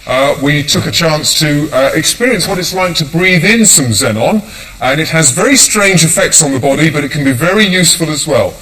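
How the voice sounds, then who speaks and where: A man giving a lively science demonstration lecture to an audience. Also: fairly high pitch, fairly quick, reverberant, far from the mic, low-quality recording. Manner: enthusiastic, addresses audience volunteers.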